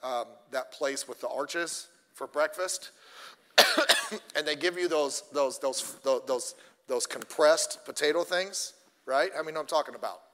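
Animated high-voiced male preacher. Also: unhurried, big-room sound. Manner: animated storytelling, addresses the congregation. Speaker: pastor. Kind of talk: sermon.

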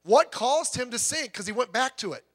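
Middle-aged male preacher, high and bright, casual and joking from the pulpit. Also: expressive, moderate pace. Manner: folksy, joking, conversational preaching. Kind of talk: sermon.

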